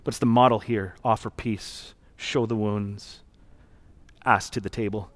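A man's voice: on the low side, steady tone, a little slow. A man preaching a sermon as pastor, in an earnest, conversational and reflective storytelling manner.

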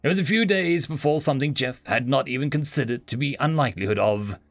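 A man's voice: mid-range voice, fast talker, no echo, soft background music. A man narrating a sci-fi story in a dry, wry storytelling manner.

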